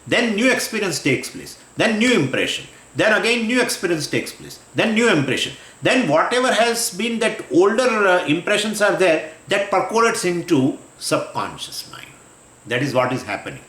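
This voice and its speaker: A man's voice: medium pitch, a bit bright. Male Vedanta teacher lecturing in an echoey room. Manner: explanatory, repeats phrases, frequent fillers and restarts. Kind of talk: scriptural lecture.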